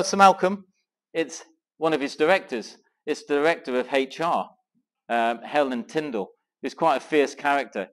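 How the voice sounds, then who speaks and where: A middle-aged man from England telling an animated personal story to a Christian men's gathering, acting out the dialogue as he goes. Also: a little high. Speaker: speaker at a men's Christian weekend. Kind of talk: storytelling talk to a live audience.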